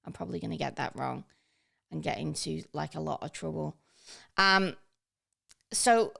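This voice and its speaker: A woman's voice: low-pitched, gravelly, a bit bright. A woman giving a casual, chatty tutorial, upbeat and full of ums and uhs. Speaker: online training presenter. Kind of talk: casual screen-share tutorial.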